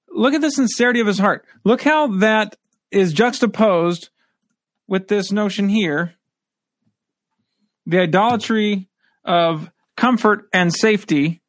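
Guy teaching a scripture class, reads verses then explains, kinda high voice. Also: no echo, clean studio sound. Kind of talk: scripture study lesson.

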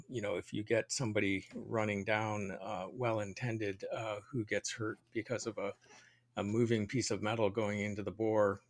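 Man with a gravelly voice. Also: lowish voice. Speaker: guest expert. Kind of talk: casual chat.

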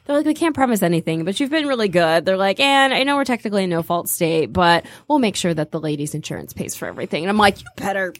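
A woman co-hosting a podcast, telling stories in casual chat, animated and quick to laugh. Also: medium pitch, dry recording. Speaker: podcast co-host.

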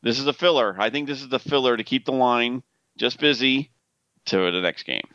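A man's voice: medium pitch, normal speed, fairly bright tone, no echo, dull audio. A man co-hosting a podcast in casual, profane, laughing banter. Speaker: podcast co-host. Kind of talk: casual chat.

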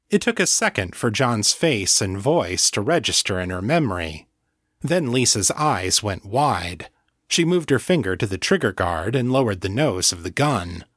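A man reading fiction aloud as an audiobook narrator, in a measured, deliberate way. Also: lowish voice, sing-song, fairly bright tone, dry recording, studio quality. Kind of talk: scripted narration.

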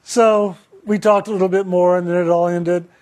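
A man giving a reflective spiritual talk and telling a personal story, speaking slowly and deliberately with pauses. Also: high-pitched, flat delivery, darkish tone. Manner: slow, measured, deliberate pauses.

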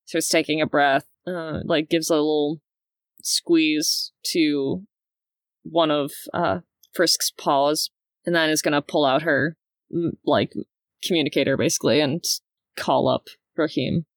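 A woman's voice: deep voice, fairly even intonation, unhurried, no room sound, clean studio sound. A woman playing a tabletop game, chatting casually and laughing often. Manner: giggly, chatty. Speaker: player.

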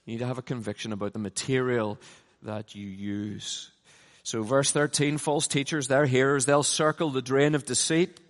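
A middle-aged man preaching a conference sermon, emphatic, swinging from loud passionate peaks down to low, quiet lines. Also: fairly even intonation, normal speed. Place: large conference hall. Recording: long hall reverb.

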